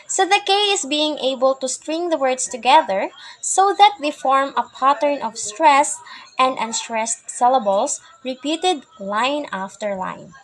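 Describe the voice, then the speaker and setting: A woman's voice: high voice, poor audio. A woman giving a class presentation, reading explanations in short phrases and often starting with "so". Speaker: student presenter.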